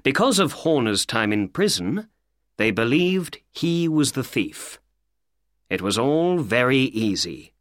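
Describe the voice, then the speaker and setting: A self-assured detective explains a crime slowly and deliberately, as a male audiobook reader puts him on. His pitch stays lively while the pace stays unhurried. The recording is dry and close. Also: no echo. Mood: knowing. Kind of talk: audiobook character voice.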